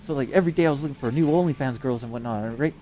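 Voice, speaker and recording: A man's voice: mid-range voice, racing, dark tone, a little hiss or hum. A young adult man telling a long, rambling story, swearing constantly and padding it with fillers. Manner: crude, profane, rambling, with frequent fillers and swearing. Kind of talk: rambling profane storytelling monologue.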